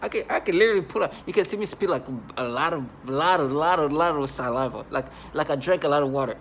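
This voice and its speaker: A man's voice: fairly high pitch, fast talker, a bit bright, a little hiss or hum. A man talking to camera in an agitated, rambling monologue, often repeating and restarting himself. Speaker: channel host.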